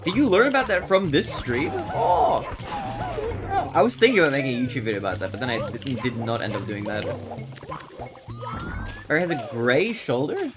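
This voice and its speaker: Male streamer, lively swooping delivery, chatty and quick to laugh, game music playing underneath. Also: medium pitch. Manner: animated storyteller, laughs often. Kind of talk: casual livestream chat while speedrunning.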